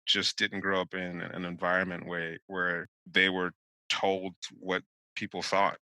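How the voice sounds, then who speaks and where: A man with a low voice that has a bright, forceful edge talks bluntly, working through his thoughts with restarts. He is recorded close on a dry studio mic with no room sound. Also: flat delivery, measured pace, clean tone, no room sound, rough recording. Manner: blunt, thinks aloud with many restarts. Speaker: podcast co-host. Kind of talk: casual discussion.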